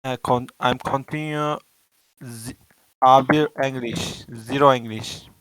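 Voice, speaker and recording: A man from Turkey with a Turkish accent, a beginner in English, reading aloud haltingly and repeating words during an online book club call. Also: medium pitch, fairly even intonation, a bit bright, dry recording, low-quality recording. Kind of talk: halting read-aloud and chat.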